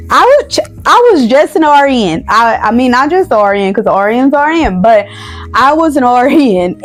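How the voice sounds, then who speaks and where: Emphatic woman giving motivational advice. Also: fairly high pitch. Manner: emphatic, repeats key phrases, speaks straight to viewers. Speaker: nurse practitioner sharing life advice. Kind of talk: motivational casual talk to camera.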